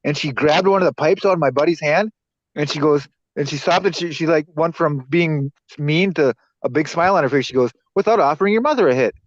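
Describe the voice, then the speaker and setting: Young male co-host, loose profane storyteller, dry low-fi podcast mic. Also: a little fast, dry recording. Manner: rambling storyteller, swears a lot. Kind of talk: casual chat. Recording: dull dry lo-fi sound.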